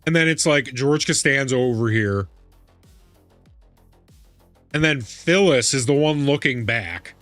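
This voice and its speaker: A man's voice: mid-range voice, fairly bright tone. A young adult man streaming a game, chatting casually and laughing, often repeating himself. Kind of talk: casual live-stream chat.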